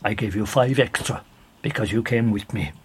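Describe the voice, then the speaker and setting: A man with an Irish accent voicing an insistent male stranger who keeps pressing food on his guest, in a gravelly husky voice. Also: fairly low pitch, normal speed, pitched below the performer's own voice. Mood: coaxing. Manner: firm, repeats orders.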